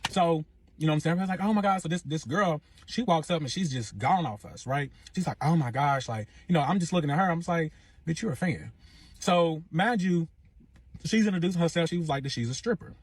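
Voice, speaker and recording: A young man hosting a storytime podcast casually recounts a personal story, acting out other people's lines in an animated, slangy style and swearing a lot. His voice is fairly high and slightly rough, he talks fast, and the recording is dry.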